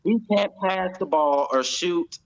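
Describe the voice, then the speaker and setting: A man with an American accent, chatting casually as a pundit on a fan show, animated and laughing often. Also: sits high, unhurried, gravelly, highs cut off. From United States. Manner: animated, laughs often, acts out quotes in a raised voice. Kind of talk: casual post-match chat.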